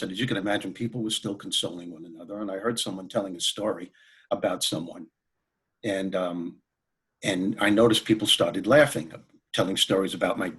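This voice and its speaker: Husky, low-voiced man telling stories. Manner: animated, anecdotal, laughs while telling stories. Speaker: guest, comedian and motivational speaker. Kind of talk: storytelling in an interview.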